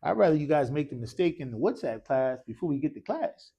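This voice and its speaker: A man's voice: on the high side, sing-song, fairly quick, dark tone, breathy edge. A man teaching an Arabic class in a mosque classroom, leading call-and-response drills and quizzing students with casual, encouraging prompts.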